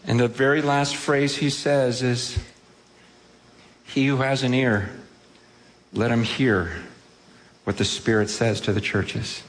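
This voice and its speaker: A man's voice: medium pitch, steady tone, slow pace, long pauses. A man preaching a sermon to a congregation, impassioned, acting out quoted speech and repeating phrases. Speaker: pastor. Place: church hall with a congregation.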